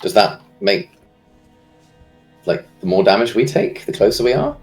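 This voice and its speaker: Male player, very low voice, earnest and thoughtful, faint music behind. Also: very animated, moderate pace. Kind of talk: casual game chat.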